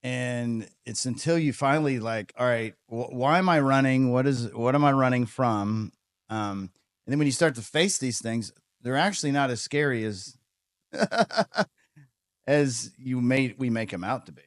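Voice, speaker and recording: A man hosts a podcast in a loose, rambling way, with fillers scattered through his sentences as he thinks aloud. His voice sits at a medium pitch, and the recording is dry and close. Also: unhurried, no room sound. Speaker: podcast host. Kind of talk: casual conversation.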